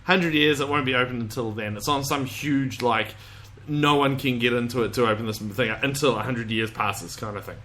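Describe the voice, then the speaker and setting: Bright-voiced rambling male podcast host. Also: mid-range voice, moderate pace, slight background noise. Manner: rambling, chatty, swears casually, laughs often. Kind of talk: casual chat.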